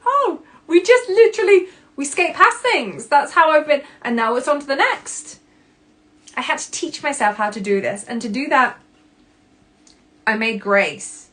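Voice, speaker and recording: A woman hosting a personal self-help podcast, candid and expressive. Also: medium pitch. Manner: candid and expressive, swearing casually, acting out her own past reactions. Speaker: podcast host.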